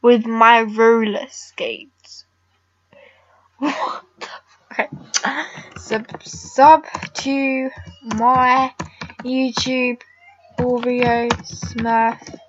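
High-voiced teen girl rambling over gameplay. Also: level tone, drawn-out words, pauses often, highs cut off. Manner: rambling, blunt, frequent "like" fillers. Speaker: gamer vlogger. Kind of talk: casual game commentary.

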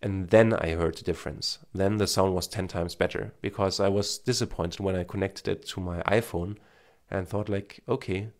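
Man with a German accent, low voice, earnest coaching tone, casual vlog recorded on a phone with an external mic. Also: fairly even intonation, moderate pace, darkish tone. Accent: German, with a slight Indian tinge. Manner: earnest and encouraging, with frequent fillers. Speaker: marketing coach, former TV cameraman. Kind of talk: casual advice to camera. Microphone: smartphone with an external microphone.

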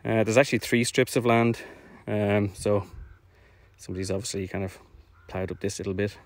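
A man with a slightly low voice talks casually outdoors as he walks. He is a little out of breath and rambles, using plenty of fillers and self-deprecating asides. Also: fairly even intonation, normal speed, no echo. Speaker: orchard project owner streaming drone flights. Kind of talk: casual live-stream vlog narration. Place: outdoors in fields.

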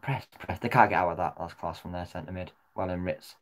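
A male fan vlogger reacts live to a football match, speaking briskly from a low-sitting position. He swears often, swinging between muttered remarks and loud yells at the referee.

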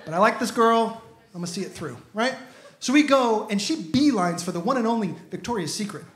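A man's voice: sits high, expressive, brisk, fairly bright tone. Exasperated male stand-up comic. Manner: exasperated, punchy storytelling. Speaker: stand-up comedian. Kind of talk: stand-up comedy set. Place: comedy club stage. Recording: echoey room with crowd laughter.

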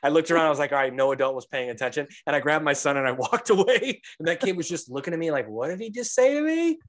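A man and young father telling profane, animated stories on a casual podcast, acting out the voices of the people in them. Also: fairly high pitch, racing. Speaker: podcast co-host; father of a toddler. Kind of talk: casual storytelling.

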